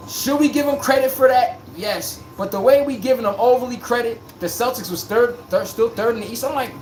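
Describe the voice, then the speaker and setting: A man's voice: very high voice, brisk, hardly any pauses, a little hiss or hum. A man hosting a live-streamed basketball talk show, talking bluntly in slang and answering his chat. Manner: blunt, animated, slangy, talks straight to chat. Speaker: sports podcast host.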